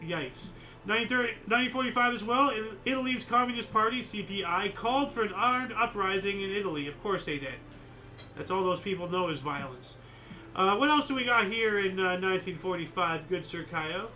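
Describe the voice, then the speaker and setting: Casting: male host, high bright voice, rambling opinionated chat, faint background hiss. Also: fairly quick, poor audio. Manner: rambling, opinionated, many fillers. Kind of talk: casual chat reading history dates.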